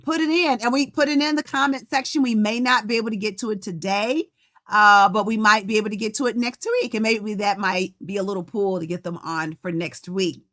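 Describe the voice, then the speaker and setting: A woman's voice: mid-range voice, fairly quick, fairly bright tone. A middle-aged woman hosting a podcast livestream in casual chat, greeting viewers by name. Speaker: podcast host and coach.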